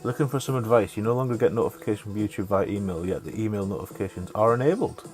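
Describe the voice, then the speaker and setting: Low-voiced man, chatty game streamer. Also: rapid-fire, darkish tone. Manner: chatty, swears, mutters to himself. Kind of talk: casual chat over live gameplay. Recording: faint music behind.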